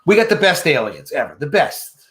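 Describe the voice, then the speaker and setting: A man doing an impression of a brash male politician who brags and repeats himself in a lower, drawling voice. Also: wildly swooping pitch, normal speed, fairly bright tone. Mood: boastful.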